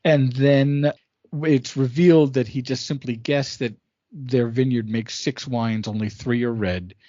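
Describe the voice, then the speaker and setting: A man's voice: mid-range voice, steady tone, measured pace, warm tone, no room sound. Male podcast co-host, emphatic and sure of himself, casual chat, dry lo-fi recording. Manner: emphatic, fond of saying absolutely.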